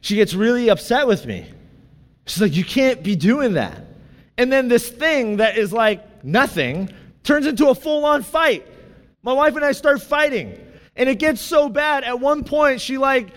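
A pastor in his thirties delivers a sermon from a church stage, his voice pitched notably high for a man. He tells personal stories in an animated, joking way, teasing himself, at a measured pace. Every phrase trails off into the hall's long reverb.

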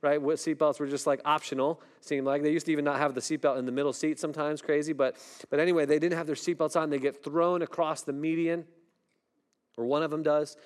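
A middle-aged man preaching a sermon in a conversational way, often asking "right?" and dropping his voice low and soft when a story turns tense. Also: little pitch movement, fast. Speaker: pastor.

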